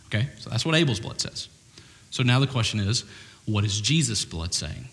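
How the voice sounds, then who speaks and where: Animated conversational preacher man. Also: medium pitch, normal speed, long reverb tail. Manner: animated, conversational, jokey asides. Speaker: pastor. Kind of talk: sermon. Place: church hall with congregation.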